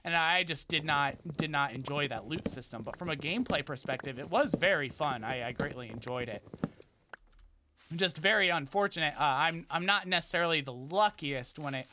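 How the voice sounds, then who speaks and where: A gaming streamer talking casually through his game, excitable, narrating his moves and shouting at the enemies. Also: fairly high pitch, moderate pace, noisy background. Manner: excitable, talks to game enemies, frequent exclamations. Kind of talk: casual let's play commentary.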